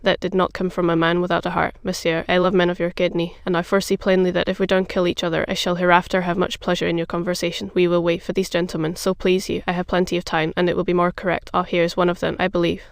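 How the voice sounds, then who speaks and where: Gracious noble musketeer, gentlemanly and proud, as the narrator reads him, even tone, bit of fry. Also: medium pitch, fast talker, hardly any pauses, dry recording, clean studio sound, close to an everyday voice. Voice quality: gentlemanly, formal.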